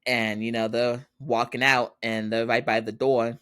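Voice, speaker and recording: A man's voice: medium pitch, flat delivery, unhurried, a bit bright, clear, resonant tone, no echo, studio quality. A man hosting a podcast, recapping a drama episode in a chatty way, laughing often and acting out the characters' lines. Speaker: podcast host.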